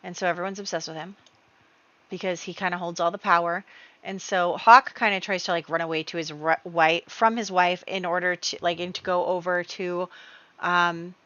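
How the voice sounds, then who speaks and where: A woman's voice: fairly low pitch, steady tone, moderate pace, fairly bright tone, no echo. Chatty woman narrating a game. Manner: chatty, rambling, many fillers. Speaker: gaming video creator. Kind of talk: casual let's-play commentary. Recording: dull lo-fi dry recording.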